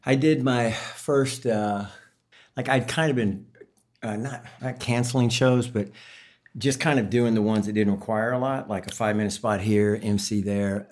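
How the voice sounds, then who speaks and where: A man's voice: fairly low pitch, a little mellow. A man from Memphis with a Southern drawl, a stand-up comedian chatting casually and telling stories, slipping into voices for laughs. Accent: Southern US drawl, Texas-leaning. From Memphis, Tennessee. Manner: laid-back storyteller, breaks into voices for jokes. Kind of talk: casual chat.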